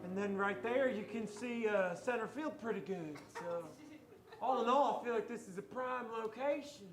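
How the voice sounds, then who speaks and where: An improv performer playing a belittling baseball coach, bantering quickly and laughing through the lines. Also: medium pitch, music in the background. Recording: echoey stage with loud crowd noise.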